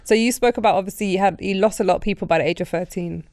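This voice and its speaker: Brief: British woman interviewer, affirming and curious, smooth voice, close dry sound. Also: mid-range voice, rapid-fire, darkish tone, no echo. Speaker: podcast host. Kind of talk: casual interview chat.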